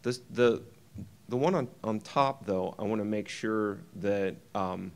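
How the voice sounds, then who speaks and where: Brief: man, deep voice, conference keynote speaker, halting delivery full of fillers. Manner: halting, many ums and uhs, talks through slides.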